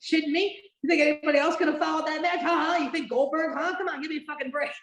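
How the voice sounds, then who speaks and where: A brash older wrestling legend, swaggering and cursing, pitched up high above the speaker's usual voice, as a woman puts him on. He needles and boasts as if nobody could top him. The sound rings in a roomy, echoey space. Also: fairly even intonation, quick pace, recorded from a distance, natural voice. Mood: brash boasting. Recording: roomy echo.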